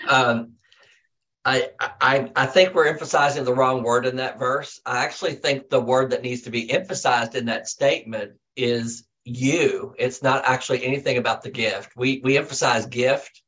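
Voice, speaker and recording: Casting: male study group member, mid-pitched, earnest and thoughtful, a little hesitant. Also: normal speed, a bit bright, rough recording. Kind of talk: asking questions in a group discussion.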